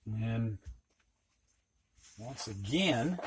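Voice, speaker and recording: A man's voice: medium pitch, lively intonation, drawn-out words. An older man teaching a reading lesson, patiently sounding out words and explaining them with everyday examples. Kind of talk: phonics lesson for students and teachers.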